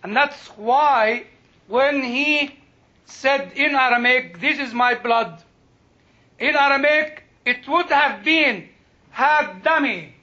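Man, Bible teacher; very high, bright voice, slow delivery, dull lo-fi recording. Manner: slow, searching for English words. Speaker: Bible lecturer. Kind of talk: informal Bible talk. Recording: dull lo-fi sound.

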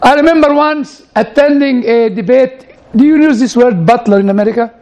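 A man's voice: very high voice, normal speed, a little mellow, rough recording. A man preaching a conversational sermon, often turning to the audience with "you know" and side questions. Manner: chatty, leans on "you know" and audience asides.

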